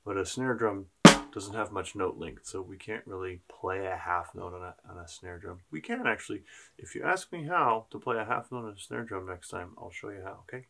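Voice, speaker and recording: A man's voice: deep voice, brisk, creaky, background noise. A man teaching a beginner percussion lesson, counting beats aloud and joking with his students. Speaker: school band teacher.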